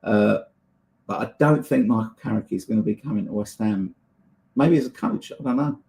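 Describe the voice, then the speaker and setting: A man hosts a relaxed livestream, chatting with viewers at an easy pace. His voice has a gravelly, creaky edge, and his speech is full of ums and uhs. He laughs often as he answers their comments. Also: on the low side, moderate pace. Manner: chatty, hesitant with many fillers, laughs often. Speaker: livestream host reading chat. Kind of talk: casual chat.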